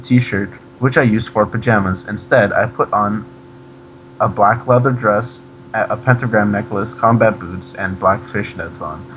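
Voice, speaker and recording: Man, lowish voice, deadpan comic reader, mocks the text as he goes, faint hum behind. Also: a little slow, low-quality recording. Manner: deadpan reading, breaks off to mock the text. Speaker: reader of a fan fiction. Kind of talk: comedic dramatic reading.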